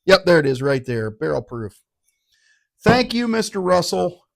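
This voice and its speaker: Poking fun at himself as he rambles, a middle-aged man offers an irreverent, laid-back whiskey review. He has a high-pitched, gravelly voice with a sing-song lilt and takes his time.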